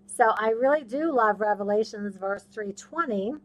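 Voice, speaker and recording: A woman hosts a podcast of casual faith talk, preaching emphatically and repetitively to her listeners and imitating other people's voices. She speaks in a mid-range voice at a moderate pace.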